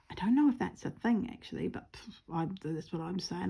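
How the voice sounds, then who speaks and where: A woman's voice: fairly low pitch, moderate pace, gravelly, hardly any pauses, mellow, husky. A woman with a New Zealand accent chatting casually and rambling while she stitches, with self-mocking humour. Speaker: craft vlogger.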